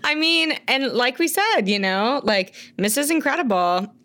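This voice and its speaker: A woman's voice: high voice, very animated, a little slow, pushed and bright. Gasping, laughing woman podcast host. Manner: gasping, laughing, theatrically shocked. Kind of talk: casual podcast chat.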